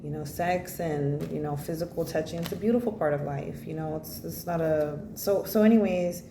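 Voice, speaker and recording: A woman's voice: low voice, normal speed. A woman giving a casual spoken tarot reading, blunt and rambling, swearing freely and filling her talk with "you know" and "like.". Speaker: tarot reader. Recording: echoey room with faint noise.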